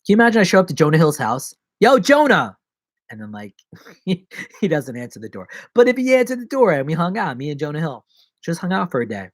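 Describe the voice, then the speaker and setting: A man's voice: on the high side, sing-song, fast talker, no room sound. A man chatting casually on a live stream, rambling from one joke and bit of wordplay to the next.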